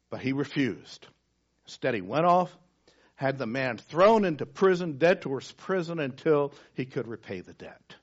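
Male preacher, husky tone, animated pitch, dull lo-fi recording; sermon with dramatic hushed drops. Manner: dramatic shifts from loud emphasis to hushed near-whisper. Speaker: pastor. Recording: dull lo-fi sound.

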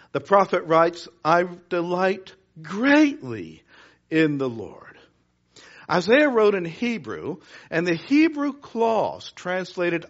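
A man preaching a sermon, slow and emphatic, sometimes falling to a hushed near-whisper. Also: on the high side, lo-fi sound. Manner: slow, deliberate preaching with repetition. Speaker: pastor.

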